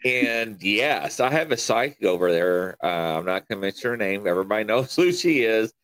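A man's voice: on the low side, normal speed. A man from Kentucky with a country accent, hosting a casual interview chat and telling stories with frequent chuckles. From Kentucky, USA. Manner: animated storyteller, chuckles often. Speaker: podcast host.

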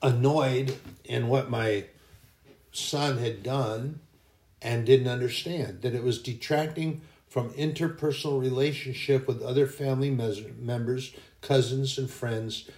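A man's voice: mid-range voice, steady tone, measured pace, a little mellow, roomy sound. A man hosting a casual faith podcast, telling anecdotes in a rambling way that often corrects itself. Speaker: podcast host.

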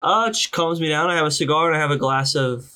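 A man's voice: a little high, fairly even intonation, fast talker, pushed and bright, clean tone. A young adult man co-hosting a comedy podcast, chatting casually and joking with lots of fillers. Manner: joking, self-mocking, rambling with fillers. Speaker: podcast co-host.

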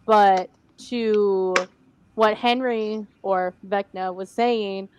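A young woman co-hosting a casual chat about a TV series, animated and mocking, with some swearing. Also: medium pitch, extremely slow, a little hiss or hum. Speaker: podcast co-host.

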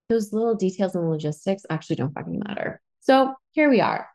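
A woman hosting a podcast, telling a personal story in a chatty, animated way and swearing freely. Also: mid-range voice, fairly quick, few pauses. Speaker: podcast host. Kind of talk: casual storytelling monologue.

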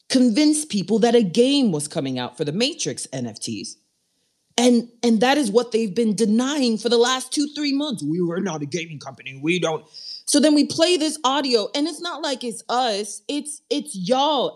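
A woman host talking in a loose, jokey way, her pitch swinging widely as she riffs. She shoots up into high squeals when something excites her. This is lively, casual banter between co-hosts. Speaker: podcast and radio show host.

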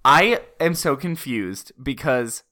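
Bright-voiced man, easygoing podcast co-host. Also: mid-range voice, lively intonation, slow pace. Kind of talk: casual chat.

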